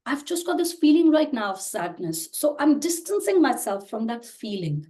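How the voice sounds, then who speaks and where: A woman's voice: a little high, sing-song, normal speed, dark tone. A woman in her thirties, a podcast guest, explaining earnestly in casual conversation, often restarting her sentences. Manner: earnest, explains with many restarts and "you know". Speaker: podcast guest, personal growth creator.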